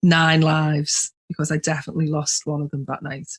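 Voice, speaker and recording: A woman's voice: deep voice, level tone, racing, a little mellow, breathy edge. A woman, a guest expert chatting casually in an interview and laughing easily. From England. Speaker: guest, social engineering expert.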